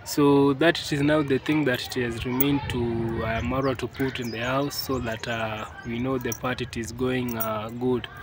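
A man's voice: medium pitch, fairly even intonation, moderate pace, hardly any pauses. A Kenyan man narrating a casual village vlog outdoors, hesitant with many fillers and frequent "yes, guys". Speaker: vlogger. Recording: clear outdoor background noise.

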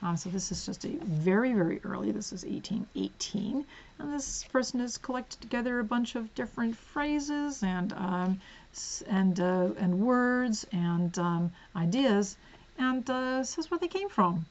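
A woman hosting a casual book haul vlog at home, chatty and giggly, dropping to soft asides as she reads the spines. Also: fairly high pitch, expressive, measured pace, muffled recording. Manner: chatty, giggly, drifts into soft whispers while reading spines. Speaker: book vlogger.

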